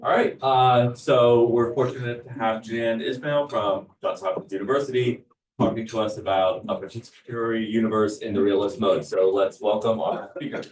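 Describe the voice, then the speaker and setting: A man's voice: on the low side, steady tone, moderate pace, a little hiss or hum. A man chairing a conference session, giving a brief, formal introduction of the next speaker. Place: lecture room. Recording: echoey room, distant mic.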